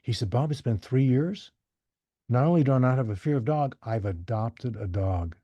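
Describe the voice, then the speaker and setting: A man, a podcast guest, telling stories in a casual, animated way and acting out the voices of the people he quotes. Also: mid-range voice, moderate pace, no room sound, dull audio. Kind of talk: casual storytelling.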